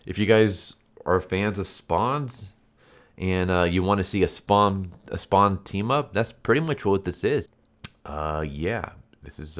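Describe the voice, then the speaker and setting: Very deep-voiced congested man. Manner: rambling, easygoing. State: congested, sore throat. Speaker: comic book reviewer. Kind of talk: casual comic review.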